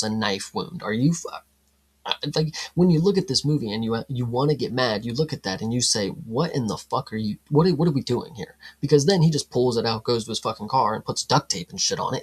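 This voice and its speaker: A man co-hosting a casual film review chat, animated and profane, acting out scenes in mock voices. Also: mid-range voice, husky. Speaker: podcast co-host.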